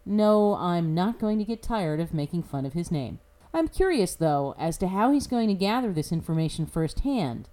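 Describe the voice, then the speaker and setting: A woman's voice: lowish voice, sing-song, normal speed, darkish tone. An American woman host delivering a sarcastic, mocking scripted opinion commentary. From United States. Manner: sarcastic, mocking, laughs at her own jokes. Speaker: podcast commentator.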